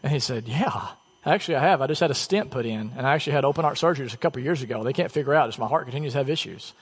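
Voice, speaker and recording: A man's voice: medium pitch, animated, racing, husky, in a large hall. A man preaching a sermon as pastor, telling personal stories in a casual, self-deprecating way. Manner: conversational, self-deprecating storytelling. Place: church sanctuary.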